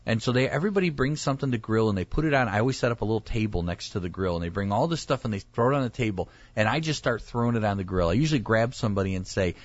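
A man's voice: on the low side, very fast, hardly any pauses, no room sound, dull audio. A male pastor chatting casually, telling stories and acting out the people in them. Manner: animated storyteller, acts out quoted voices. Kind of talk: casual chat.

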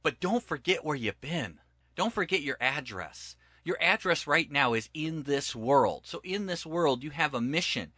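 Bright, emphatic preaching man. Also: a little high, normal speed, dry recording. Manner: emphatic, retells scripture and stories with lively voiced quotes. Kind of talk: preaching-style Bible teaching in conversation.

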